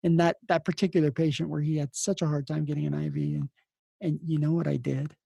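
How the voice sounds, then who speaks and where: A man telling stories from his nursing career in a casual, rambling way, restarting his sentences again and again. His voice is low-toned, mellow and gravelly with a husky edge, recorded dry and close. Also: flat delivery, fast talker, no echo. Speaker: podcast host and emergency nurse. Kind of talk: casual storytelling.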